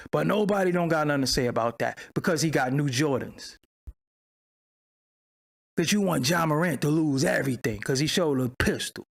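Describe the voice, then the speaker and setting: Gravelly, animated male livestream ranter. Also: high-pitched. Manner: profane, mocking, confrontational; argues with chat viewers. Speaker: channel host. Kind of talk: livestream commentary rant.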